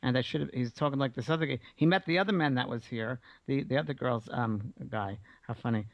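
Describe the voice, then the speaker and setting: Reassuring male medium, gravelly voice. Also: mid-range voice, fairly quick, no echo. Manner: warm, reassuring, relays messages from spirits. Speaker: psychic medium radio host. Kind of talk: call-in reading. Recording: dull lo-fi broadcast audio.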